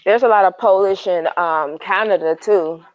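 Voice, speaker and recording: A woman's voice: medium pitch, moderate pace, no echo, muffled recording. A woman in a casual group chat who rambles, corrects herself mid-sentence and sounds exasperated.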